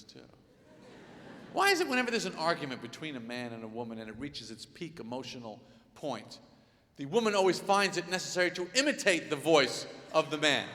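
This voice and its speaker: A man performing a live stand-up routine in a large concert hall, with exasperated, incredulous observations and quick voice impressions. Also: a little high, fairly bright tone, slight background noise. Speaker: stand-up comedian. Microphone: soundboard feed from a stage mic. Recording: live hall board recording with faint reverb.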